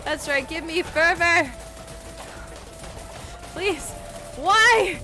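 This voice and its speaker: A Canadian woman streams a game and chats with viewers, excitedly yelping and swearing whenever things go wrong. Her voice sits high and her pace is measured, with game music playing behind her.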